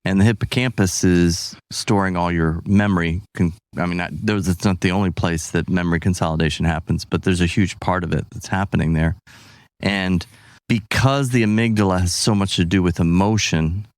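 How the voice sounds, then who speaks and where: A man in casual conversation, calmly explaining ideas and building on his partner's points. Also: low voice, moderate pace, no echo, clean studio sound.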